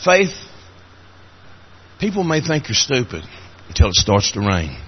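A man with an Appalachian accent preaching a sermon, telling folksy stories in a voice that climbs high and cracks when he is moved. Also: sing-song, measured pace, muffled recording, a little hiss or hum.

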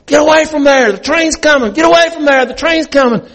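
A man's voice: extremely high pitch, fairly quick, a bit bright, voice pushed up. A man telling a story and voicing a desperate middle-aged father who hollers frantic warnings. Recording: long reverb in a large hall.

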